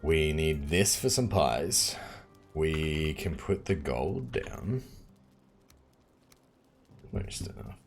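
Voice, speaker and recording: Low-voiced Australian man, chatty streamer. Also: very slow, pauses often, soft background music. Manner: chatty and relaxed, laughs often, many fillers. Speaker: game streamer. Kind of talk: casual live-stream chat while playing.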